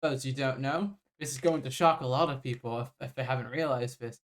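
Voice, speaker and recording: A podcast co-host from Bangladesh, a man with a mid-range voice and a brisk pace, chats casually and cracks jokes. He explains things using video game analogies.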